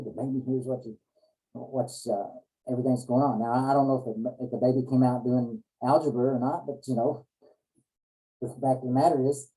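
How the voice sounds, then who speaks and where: A man's voice: medium pitch, mellow, poor audio. A man giving an earnest motivational talk, often restarting his phrases as he goes. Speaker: motivational speaker.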